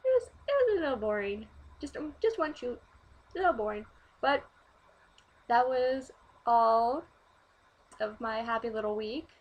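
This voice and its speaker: Brief: woman in her 20s, casual vlogger, animated storyteller, slightly higher voice, filler-heavy and profane. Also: moderate pace, pauses often. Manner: animated, swears freely, heavy use of "like".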